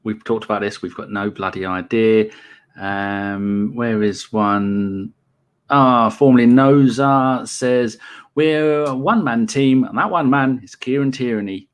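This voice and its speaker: Male podcast host, mid-pitched voice, sardonic and sweary, reads listener questions. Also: unhurried, clear, resonant tone. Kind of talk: casual football chat.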